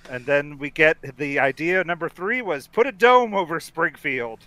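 A man's voice: on the high side, animated, moderate pace, sharp tone, dry recording. A man co-hosting a podcast, chatting casually through a film recap, rambling with restarts and laughing often. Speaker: podcast co-host.

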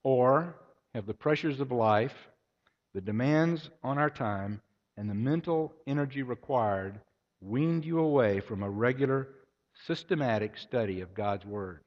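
The sermon comes from a man with an unhurried, mid-range voice who tells anecdotes and performs the voices within them. The recording is lo-fi and dull, in a hall full of echo.

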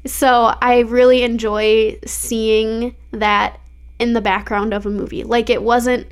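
Casual podcast co-host, woman, slightly high voice, rambling and filler-heavy. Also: level tone, slow pace, smooth. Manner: chatty, many fillers and likes, laughs easily. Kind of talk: casual chat about a movie.

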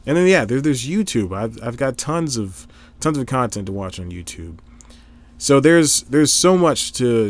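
Rambling young man vlogging alone. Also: medium pitch. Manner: rambling, self-correcting, chatty. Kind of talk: casual solo talk. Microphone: laptop microphone.

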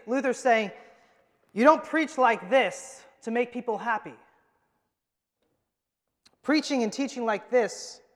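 A man preaching a sermon as the pastor of his church, emphatic and moving from loud to hushed. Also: extremely high pitch. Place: church sanctuary. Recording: long hall reverb.

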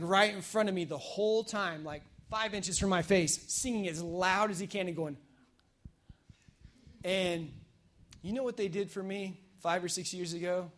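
A man preaching a casual, energetic sermon at a church service, telling stories in a chatty way with fillers. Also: high voice. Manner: energetic, conversational storytelling with fillers. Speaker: pastor.

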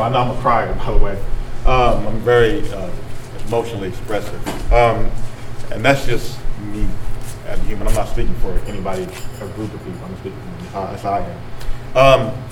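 A man's voice: on the low side, fairly even intonation, fairly quick, far from the mic, background noise. Man leading a group talk, echoey room. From rural North Carolina. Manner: conversational, repeats and reflects back answers. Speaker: speaker leading a group workshop. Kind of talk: talk with audience discussion. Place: meeting room with audience.

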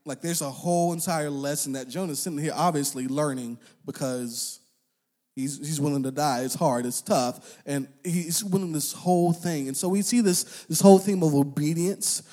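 A young man preaching a relaxed, chatty sermon full of slang and fillers. His voice sits a little high for a man. He acts out the voices of the people in his stories. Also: moderate pace. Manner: conversational, uses slang and filler words; animated, acts out quoted voices. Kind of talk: casual sermon.

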